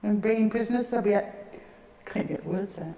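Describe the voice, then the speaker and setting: A woman's voice: medium pitch, brisk, warm tone. A woman chatting casually and cheerfully as a paranormal investigator. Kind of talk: casual chat.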